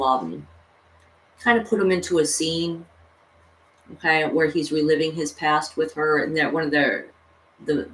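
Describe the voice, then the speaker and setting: A woman vlogger casually retelling a cartoon story, rambling with lots of fillers. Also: sits low. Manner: rambling, full of "you know" and "like". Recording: echoey room, distant mic, faint noise.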